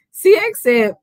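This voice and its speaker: A woman's voice: high-pitched, no echo. A woman with a Texas accent hosting a casual live stream, a little tipsy, laid-back and laughing often as she greets viewers by name. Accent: Texan.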